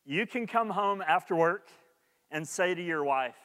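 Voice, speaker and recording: A man's voice: high voice, expressive, unhurried, a bit bright, big-room sound. A man preaching a sermon as pastor, earnest and repeating his key points for emphasis.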